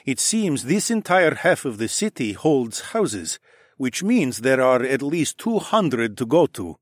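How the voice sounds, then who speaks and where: A man playing an earnest, practical companion in a storybook. He sounds slightly higher and louder than his narrating voice, with a changed timbre and plain, matter-of-fact delivery, recorded dry and close. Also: very animated, measured pace, no echo.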